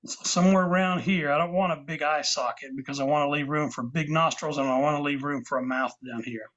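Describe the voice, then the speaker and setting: A man's voice: fairly high pitch, fairly even intonation, fast talker, fairly bright tone. A man teaching a woodcarving class online, patiently explaining each step as he works, with small asides to his students. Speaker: woodcarving instructor. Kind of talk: live online class demonstration. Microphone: video call. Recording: dull lo-fi video call audio.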